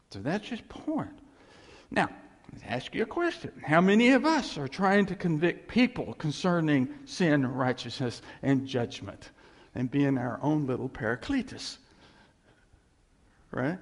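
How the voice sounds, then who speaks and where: Male preacher, gravelly and kinda husky, lively up and down delivery, big echoey church hall. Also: on the high side, a little slow. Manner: conversational, emphatic, asks the listeners questions. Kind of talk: sermon. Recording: long reverb of a large hall.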